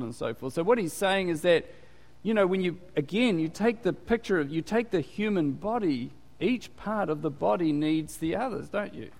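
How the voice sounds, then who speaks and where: A man gives a relaxed, talky sermon in a church, asking his congregation questions as he goes. His voice sits a little high for a man. The sound rings with the long reverb of a large hall. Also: normal speed, creaky, hardly any pauses. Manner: chatty, quizzes the congregation. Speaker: pastor. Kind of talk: conversational sermon.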